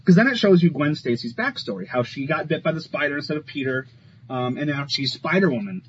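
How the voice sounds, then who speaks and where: Animated, high-voiced man chatting about comics. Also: fairly quick. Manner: enthusiastic, animated, laughs often. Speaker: podcast co-host. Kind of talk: casual comic book chat. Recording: slightly dull, faint ambient noise.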